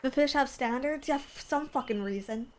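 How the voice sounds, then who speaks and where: A woman's voice: sits high, moderate pace, a little mellow, slight background noise. A woman streamer chatting casually over a fishing game, teasing and coaxing in a playful, flirty way. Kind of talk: casual gameplay commentary.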